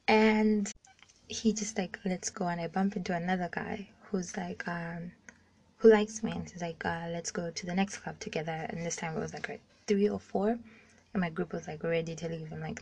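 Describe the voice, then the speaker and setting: A woman's voice: on the low side, fairly even intonation, normal speed, darkish tone. A young woman in her twenties from Zambia telling a frank personal story in a casual voice message, talking bluntly, swearing freely and using "like" as a filler often. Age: 20s. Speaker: caller sharing a story. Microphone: phone voice message.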